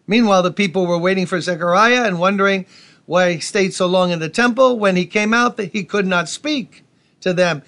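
A male pastor preaching a folksy, energetic sermon with asides to the congregation. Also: sits high, a little fast.

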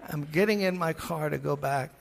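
Gravelly Brooklyn pastor telling a story. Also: male voice, fairly high pitch, moderate pace. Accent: New York. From Brooklyn, New York. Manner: animated storyteller, acts out voices. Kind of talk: storytelling sermon. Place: large church. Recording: reverberant church hall.

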